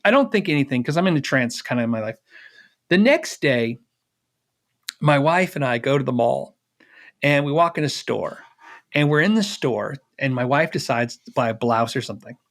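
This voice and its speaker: A man's voice: mid-range voice, expressive, moderate pace. A middle-aged man, a guest on an interview, telling a personal story casually, acting out the dialogue with fillers and laughs.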